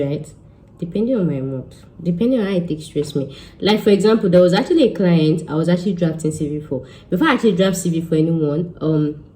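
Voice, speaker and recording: A young Nigerian woman speaks in a low, warm, mellow voice. She talks to her followers with animated emphasis as an immigration consultant, slipping Yoruba phrases into her English. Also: poor audio. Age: young adult. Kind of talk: casual monologue to followers.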